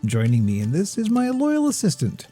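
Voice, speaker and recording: A man hosting a gaming video, giving measured, somewhat pretentious scripted narration. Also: high voice, wildly swooping pitch, loud music behind the voice. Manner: measured, lofty, a little pretentious.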